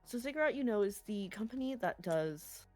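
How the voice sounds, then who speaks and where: A woman narrating a tabletop role-playing game as game master, explaining scenes and rules in a relaxed way. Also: a little high, brisk, soft background music.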